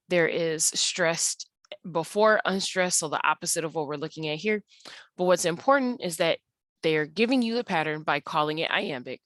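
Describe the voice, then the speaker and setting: A woman with a low voice teaches an online lesson, patiently talking through her slides. She fills her pauses with ums and uhs. The sound is dry and close. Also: a bit bright, dry recording. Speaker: English teacher. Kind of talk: online tutorial walkthrough of slides.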